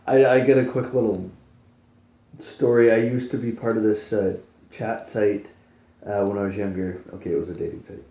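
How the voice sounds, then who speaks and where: A man's voice: lowish voice, fairly even intonation, normal speed, warm tone, muffled recording. A Canadian man co-hosting a podcast, chatting casually and hesitantly. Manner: hesitant, many fillers and restarts. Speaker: podcast co-host. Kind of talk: casual chat. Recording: roomy sound.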